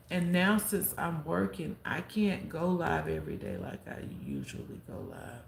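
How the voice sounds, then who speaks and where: A woman chatting on a live stream with a deeply gravelly, creaky voice that swings up and down as she acts out what people said. Her room sounds echoey, with faint ambience behind her. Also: a little hiss or hum. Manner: animated storyteller who acts out quotes and gives heartfelt advice. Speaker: live streamer and content creator. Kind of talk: casual live-stream storytelling. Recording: roomy echo with faint background ambience.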